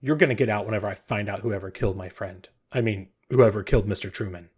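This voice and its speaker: A man's voice: lowish voice, fast talker, darkish tone, breathy edge. A man playing a blunt, stern guard captain. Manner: blunt, impatient.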